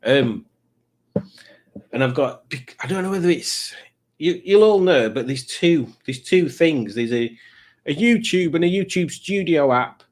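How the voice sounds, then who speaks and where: A man hosting a live stream in casual chat, reading out viewer comments in a rambling, self-mocking way. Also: mid-range voice.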